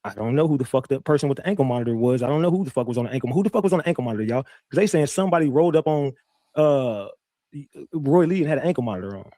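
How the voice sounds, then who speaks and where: A man's voice: mid-range voice, rapid-fire, dry recording, clean studio sound. A man streaming casual commentary, telling a story with lots of swearing and repeated words, and talking straight to his viewers. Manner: profane, animated storytelling with repeats; addresses viewers directly.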